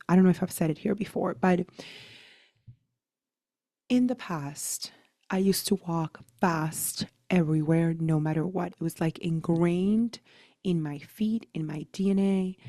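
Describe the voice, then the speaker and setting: Chatty woman coach, low warm voice. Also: no echo, studio quality. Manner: chatty, many "like" and "right?" fillers. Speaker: leadership coach. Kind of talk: casual motivational talk.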